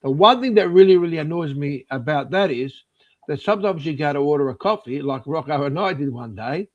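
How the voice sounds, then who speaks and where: A man's voice: on the high side, lively intonation, a little fast. A man in a casual podcast chat, starting hesitantly with fillers and restarts before venting exasperated complaints. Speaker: podcast co-host. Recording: dull lo-fi recording.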